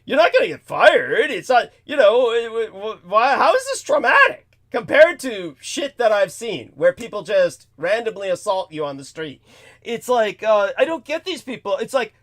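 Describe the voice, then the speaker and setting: A man hosting a talk show tells a story in a high, sing-song voice that's a bit bright, moving at a moderate pace. His monologue is a profane, exasperated rant shifting between mutters and outbursts.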